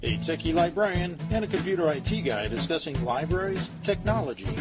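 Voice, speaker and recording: Male announcer for a show opening, bright lively read, loud music underneath. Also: on the high side, fairly quick. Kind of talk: scripted show intro. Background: loud theme music.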